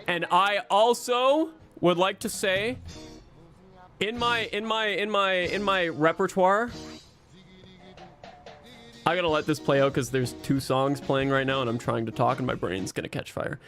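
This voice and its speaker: A man's voice: sits high, measured pace, fairly bright tone, soft background music. A man streaming and chatting casually with his viewers, rambling and self-mocking, swearing often.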